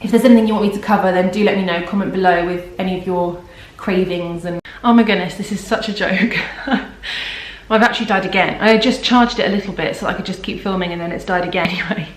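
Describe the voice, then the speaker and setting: A woman's voice: medium pitch, fairly even intonation, fast. A young pregnant woman vlogging casually, rambling and self-deprecating, tired. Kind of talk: casual vlog chat. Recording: very echoey room.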